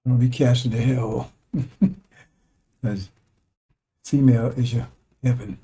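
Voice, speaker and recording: A man's voice: mid-range voice, fairly even intonation, slow pace, warm tone, husky. A man giving an informal preaching monologue, talking conversationally and drilling his points with repeated asides like "see?" and "right?". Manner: repetitive, emphatic drilling of points. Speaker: religious commentator.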